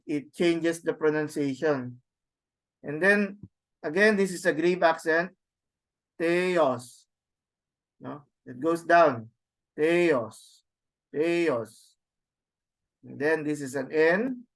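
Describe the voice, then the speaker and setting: A man teaching a Greek class, who speaks deliberately, sounds out words to demonstrate them and often checks understanding with tag questions. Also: on the high side. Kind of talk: classroom lecture.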